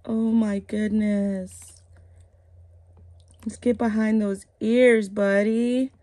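A woman's voice: mid-range voice, little pitch movement, very slow, mellow. A woman vlogging casually at home, gushing and cooing as she bathes her dolls. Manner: gushing, cooing over dolls, keeps repeating "oh my goodness". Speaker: reborn doll collector vlogger. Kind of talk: casual vlog chat.

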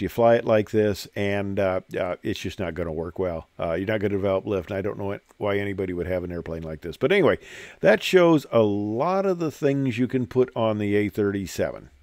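A man's voice: lowish voice, expressive, brisk, darkish tone, dry recording, clean studio sound. Older man rambling through pilot stories. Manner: rambling storyteller with many fillers. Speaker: retired military pilot giving a presentation. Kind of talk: anecdotal presentation over slides.

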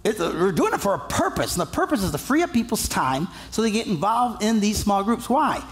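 High, gravelly-voiced preacher. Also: male voice, a little fast. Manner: animated, humorous storytelling with acted-out voices. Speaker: pastor. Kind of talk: sermon.

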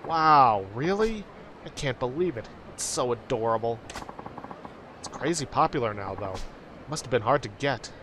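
A man's voice: medium pitch, expressive, moderate pace, natural voice. Man voicing a young girlfriend, gushing, emotional, street noise behind. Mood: delighted. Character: young woman, excitable girlfriend.

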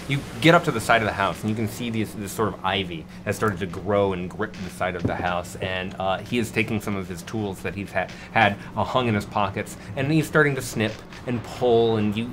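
A man narrating as game master of a tabletop game, hesitant and filling pauses with "uh". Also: fairly low pitch, background noise. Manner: hesitant, many fillers.

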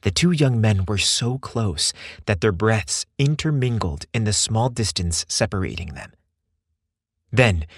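A man reading a scripted story aloud with expressive, measured storytelling. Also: mid-range voice, slightly rough, dry recording, clean studio sound. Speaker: narrator.

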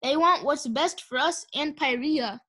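A woman's voice: sits high, unhurried, bright, forceful tone. A woman voicing a bookish, gloomy young male dragon who lectures, in a storybook reading.

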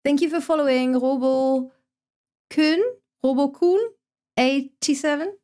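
A young woman talks through a live game stream at a slow, easy pace. Her voice sits somewhat high. She chats casually, thinks aloud and swears without a second thought. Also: fairly even intonation, mellow. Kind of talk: casual live-stream commentary while gaming.

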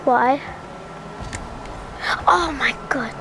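A woman giving live gameplay commentary, excitable and often yelling at her teammates. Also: high-pitched, extremely slow, background noise. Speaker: gaming channel host.

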